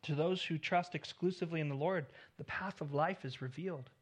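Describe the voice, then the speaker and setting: A man preaching a sermon in an earnest tone, swelling louder on key points and dropping low at the ends of phrases. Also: a little fast. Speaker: pastor.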